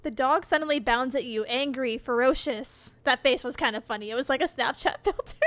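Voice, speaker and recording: In a recording with no room sound, a woman with a high, somewhat bright voice speaks fairly quickly as she streams a game. She narrates the on-screen text aloud, often breaking into laughter and swearing, while game music plays.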